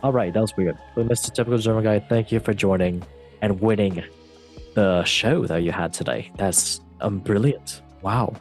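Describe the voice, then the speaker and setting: A man with a fairly low voice runs a football quiz on a casual podcast. He is playful and jokes around with mock drama. Faint music sits under his voice. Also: normal speed. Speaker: podcast host running a quiz. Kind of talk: casual chat.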